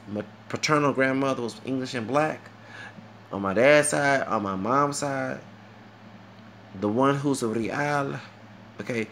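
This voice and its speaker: A man's voice: medium pitch, creaky, a bit bright, slight background noise. A man with a Southern US accent ranting to camera in a heated, mocking monologue and dropping Spanish phrases into his talk. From United States. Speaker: vlogger.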